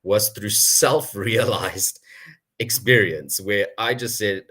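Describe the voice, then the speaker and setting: A young man telling his career story at an online town hall in an animated way, chuckling often. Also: lowish voice, takes it slowly, slightly rough. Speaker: guest speaker.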